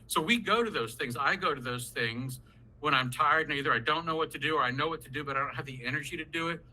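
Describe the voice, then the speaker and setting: A man runs a parenting workshop over a video call. His voice is bright and forceful, and he sits a little high in pitch. He talks in a lively, folksy way and acts out parents and children as he goes. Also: fast, poor audio. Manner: animated, folksy, acts out quoted parents and kids. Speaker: psychologist leading a parent workshop.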